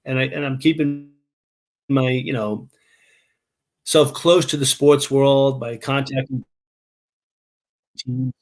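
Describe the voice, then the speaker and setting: A man giving a remote interview on a video call, halting and restarting often as he explains things at length. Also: medium pitch, fairly even intonation. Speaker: interview guest.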